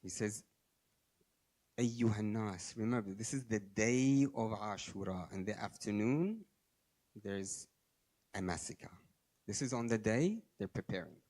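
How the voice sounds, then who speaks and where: A man giving a sermon, telling stories and moving between quiet low asides and raised emphatic lines, with Arabic religious phrases mixed in. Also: animated, measured pace, long pauses. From Australia. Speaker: speaker at a religious gathering.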